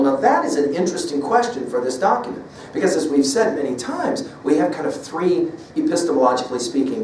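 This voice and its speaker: A man giving a recorded lecture, measured and emphatic, reading quoted passages aloud and stressing key words. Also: mid-range voice, darkish tone, slight background noise. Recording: echoey room from a distance, faint ambience.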